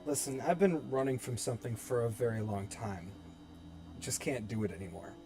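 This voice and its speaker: A man playing a haunted, despairing young man who speaks quietly and with resignation. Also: mid-range voice, moderate pace, music in the background, natural voice. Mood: resigned. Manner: quiet, resigned, breaking to cries.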